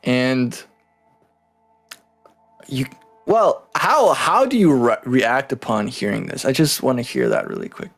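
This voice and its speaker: A man's voice: medium pitch, huge pitch swings, moderate pace, creaky, hardly any pauses, soft background music. A man narrating a tabletop game as game master, who jokes, swears and teases his players. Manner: laughing, swearing, playful teasing.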